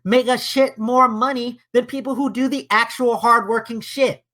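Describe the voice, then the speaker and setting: This man, co-hosting a podcast, argues hard in a casual back-and-forth, cursing frequently and fumbling his opening words. He speaks at a normal speed in a very high, sharp voice with fairly even intonation.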